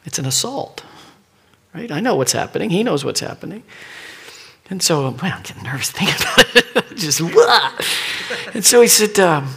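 Gravelly, husky middle-aged preacher. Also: male voice, high-pitched, very animated, moderate pace, pauses often. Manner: personal storytelling, dropping to hushed, near-whispered asides. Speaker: pastor. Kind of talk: sermon.

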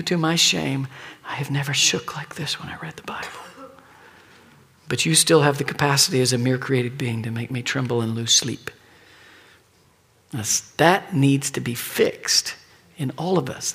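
A middle-aged man preaching a sermon as pastor, telling a personal story and dropping at times into hushed, near-whispered asides. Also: a little high, moderate pace, vocal fry, breathy edge.

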